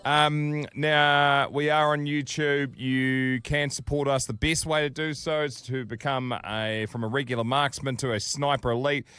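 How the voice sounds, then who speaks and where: A man, co-hosting a podcast in a quick, upbeat, laid-back way. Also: medium pitch, flat delivery, bright, forceful tone, smooth, no echo. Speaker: podcast co-host. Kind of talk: casual podcast chat.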